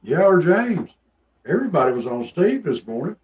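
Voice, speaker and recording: A man's voice: fairly high pitch, very animated, a little mellow, dull audio. A man co-hosting a live talk show, joking and teasing his partner in casual banter. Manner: teasing, joking, drawn-out emphasis. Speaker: co-host.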